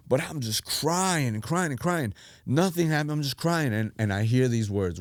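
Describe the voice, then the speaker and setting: Animated storytelling man, dry sound. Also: mid-range voice, a little fast, dry recording. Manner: animated storyteller who acts out quotes. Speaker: pastor, podcast guest. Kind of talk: telling his life story.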